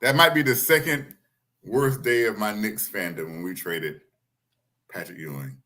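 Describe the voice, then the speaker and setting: A man co-hosts a casual podcast in a low voice with a forceful, bright edge. He speaks earnestly and leans hard on his points. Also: unhurried. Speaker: podcast co-host. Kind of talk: casual chat.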